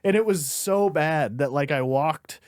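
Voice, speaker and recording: A young man with a slightly high voice tells comedy-club stories with lots of energy. He chats loosely and swears often, like a comic among friends. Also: measured pace, no room sound, clean studio sound. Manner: animated storyteller, swears freely. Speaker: stand-up comedian and podcast host. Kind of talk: casual storytelling chat.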